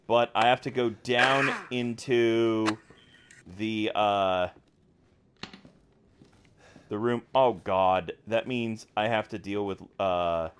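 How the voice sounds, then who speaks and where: A young American man streams a game with a fairly low voice, rambling casually with lots of fillers and restarts. A little hiss or hum is audible.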